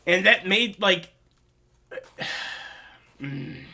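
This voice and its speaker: A man's voice: high-pitched, very slow, gravelly, pauses often, sharp tone, husky. A man hosting a casual movie review vlog, rambling and earnest, with lots of "like" and openly emotional asides. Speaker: host.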